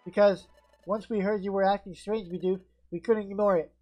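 A woman's voice: mid-range voice, fairly even intonation, fairly quick, muffled recording, faint music behind, close to an everyday voice. Stern bird mentor in a game, strict yet caring; a woman reads the part. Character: strict bird teacher at a guild. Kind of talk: reading game dialogue aloud.

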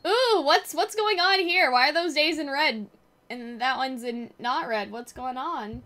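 Young woman streamer, bright high voice, chatty and foul-mouthed, game music faint underneath. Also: measured pace. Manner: chatty, swears freely, laughs often. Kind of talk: casual let's-play commentary.

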